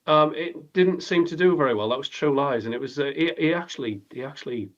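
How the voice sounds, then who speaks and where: A man's voice: on the high side, fairly quick, dull audio. A British man co-hosting a casual chat, easygoing and mildly teasing. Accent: British English. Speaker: co-host.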